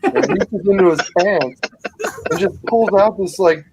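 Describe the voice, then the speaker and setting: Male co-host, slightly high voice, casual swearing raconteur. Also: a little slow, heavy background noise. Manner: swears a lot, rambling anecdotes. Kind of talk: casual chat, storytelling.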